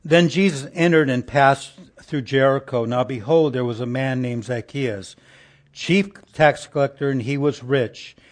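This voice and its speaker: Speaking in a mid-range voice, a man delivers a homespun, chatty sermon. He asks rhetorical questions of the congregation and lowers to a gentle hush during tender moments.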